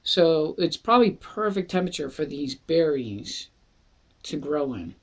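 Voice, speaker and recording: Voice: medium pitch, sing-song, unhurried. A wine reviewer from Philadelphia who talks through a casual product review in a chatty, joking way, with asides and self-deprecating remarks. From Philadelphia, USA.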